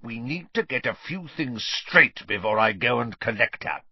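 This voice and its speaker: A man's voice: medium pitch, lively intonation, normal speed, breathy edge, dry recording. A man voicing a blustering, bullying middle-aged uncle who snarls threats. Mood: menacing. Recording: dull, dry recording.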